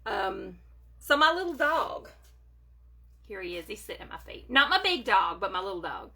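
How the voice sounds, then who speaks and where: Chatty, sharp-voiced woman live-streaming makeup. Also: medium pitch, sing-song, normal speed, breathy edge. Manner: chatty, greets viewers by name, talks to them warmly. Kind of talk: casual live chat while doing makeup. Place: at home. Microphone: phone or webcam for a live video.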